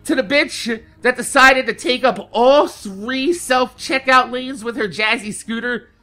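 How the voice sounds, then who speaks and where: A man hosting a gaming video, telling a loud, profane story and laughing through it, then talking calmly through game gear. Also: very high-pitched, soft background music. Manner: slows down and over-enunciates when quoting himself. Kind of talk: casual storytelling rant over gameplay.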